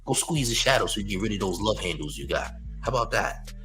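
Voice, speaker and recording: A man's voice: on the low side, expressive, quick pace, sharp tone, soft background music, low-quality recording. A man hosting a live-stream news show, mocking a critic in loose slangy commentary and leaning on "champ" and "you heard".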